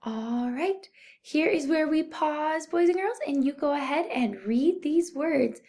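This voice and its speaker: A young woman teacher giving a recorded phonics lesson to young children, speaking slowly and clearly, patient and encouraging. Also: high voice, lively intonation, mellow. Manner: slow, clear, patient teaching voice, addressing "boys and girls". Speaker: first-grade teacher.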